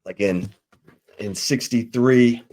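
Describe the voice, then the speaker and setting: A man, a sports insider, casually telling the history of a college football rivalry in an unhurried storytelling way. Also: medium pitch, darkish tone.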